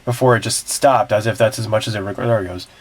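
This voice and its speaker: At home over a screen recording, a siren-hobby video creator reacts to a video and answers viewer questions. His husky voice sits on the low side, steady and quick, and he comes across as matter-of-fact, technical, and rambling.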